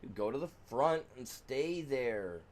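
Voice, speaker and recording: A man's voice: mid-range voice, animated, a little slow. Grumbling man streaming a farm game. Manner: frustrated grumbling, swings between mutters and loud outbursts at the game; sings along off-key to music. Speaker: gaming streamer. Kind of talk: casual live-stream commentary.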